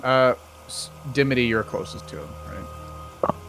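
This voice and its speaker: A man playing in a tabletop game, joking and quick to laugh. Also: mid-range voice, creaky, soft background music. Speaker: player. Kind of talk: casual tabletop chat.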